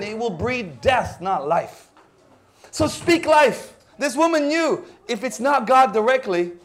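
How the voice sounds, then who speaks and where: A man with a Filipino accent preaching a sermon, animated, mixing in Cebuano words and acting out voices, sometimes dropping to a hush. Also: very high-pitched. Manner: animated, acts out quoted voices, sudden drops to near-whisper.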